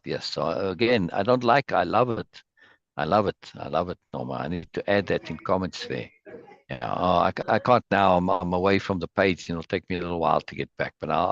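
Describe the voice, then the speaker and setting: A man's voice: lowish voice, creaky, no room sound, dull audio. A man leading an online meeting, emotionally praising a poem and reading it aloud, repeating words as he goes. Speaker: spiritual group leader. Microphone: video call.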